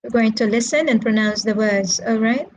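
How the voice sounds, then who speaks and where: A woman teaching an online English lesson, speaking slowly and deliberately and repeating words to model their stress. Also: fairly high pitch, darkish tone, lo-fi sound.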